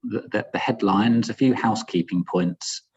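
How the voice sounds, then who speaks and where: A man hosting a webinar, giving housekeeping notes in a halting way full of ums and uhs, over a video call. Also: lowish voice, darkish tone, husky. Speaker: webinar host. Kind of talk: housekeeping announcements. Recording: dull lo-fi video call audio.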